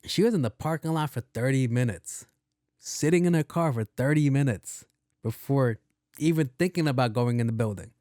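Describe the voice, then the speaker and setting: A man hosting a podcast, telling a story in a casual monologue, animated, slangy and profane. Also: mid-range voice, normal speed, dry recording, studio quality. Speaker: podcast host.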